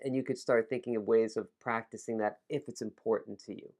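A man teaching English pronunciation, modeling words slowly for listeners to repeat and adding casual explanations. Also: fairly low pitch, steady tone, a little mellow. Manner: slow, deliberate modeling of words, casual asides.

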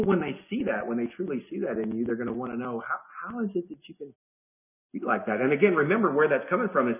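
A man teaching a Bible study to a group in a casual, conversational way, circling back and repeating phrases as he explains. His voice sits at an ordinary middle pitch. The audio is narrow and phone-like. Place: church study group, partly remote.

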